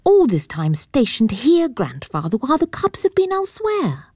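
A woman voicing a young, well-bred girl who is eager and quick to take offence, in a high girlish tone. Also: huge pitch swings, a little mellow, husky, no room sound, clean studio sound, exaggerated voice. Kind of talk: audiobook character voice.

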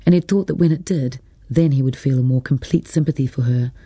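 A man reading a literary novel as an audiobook narrator, measured and even. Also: medium pitch, husky, dry recording.

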